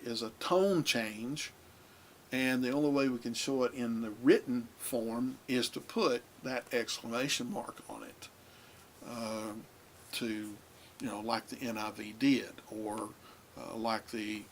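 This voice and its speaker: Male lecturer, unhurried, halting delivery with fillers, faint hiss behind. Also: medium pitch. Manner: halting, many filler pauses. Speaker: Bible translation teacher. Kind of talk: recorded lecture on translation.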